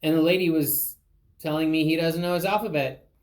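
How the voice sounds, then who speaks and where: A woman interviewing an older relative, retelling her own story in an animated way with quick asides. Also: sits low. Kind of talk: conversational storytelling.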